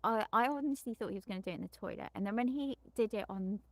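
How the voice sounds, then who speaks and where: A woman sex therapist in middle age talks openly and without embarrassment about explicit subjects. She rambles, doubling back and correcting herself mid-sentence. Her voice sits at an everyday middle pitch. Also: fast talker, no echo. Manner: rambling, frequent restarts and self-corrections; frank and unembarrassed on explicit topics. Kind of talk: casual monologue recounting a client session.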